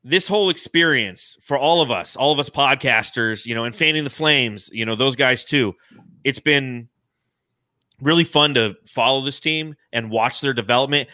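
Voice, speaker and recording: A young adult man hosting a casual podcast livestream, excitedly thanking donors and swearing freely. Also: medium pitch, normal speed, no room sound, studio quality. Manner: excited, swearing, reads donations aloud. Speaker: podcast host.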